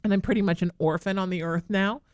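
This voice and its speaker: A woman hosting a talk radio show, giving gentle, affectionate advice to a caller while close to tears. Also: mid-range voice, steady tone, fast talker, no room sound. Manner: soothing, affectionate, calls the caller sweetheart. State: tearful. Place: radio studio. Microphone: studio microphone.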